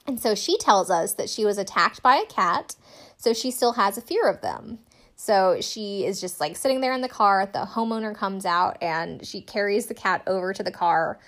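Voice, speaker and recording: A young woman casually recapping a TV show, chatty and sarcastic, full of "like" and quick asides. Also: medium pitch. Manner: chatty, sarcastic, lots of "like" and laughs. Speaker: podcast host recapping a TV show.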